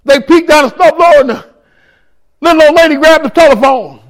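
A man in ministry giving a testimony sermon, telling his story in a raw, emotional, street-casual way, rising to shouts and speaking directly to the room. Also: very high-pitched, brisk. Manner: addresses listeners directly in the room.

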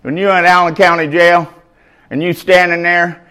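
A man preaching a sermon, reading scripture and adding loud, animated, conversational asides, shouting at the peaks. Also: sits high, normal speed, smooth.

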